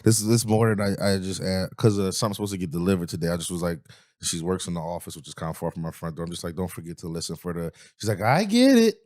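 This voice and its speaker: A man co-hosting a comedy podcast, telling stories about home life in animated casual chat with frequent laughs. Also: low-pitched, rapid-fire, no echo, studio quality. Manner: animated storytelling, laughs often. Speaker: podcast co-host.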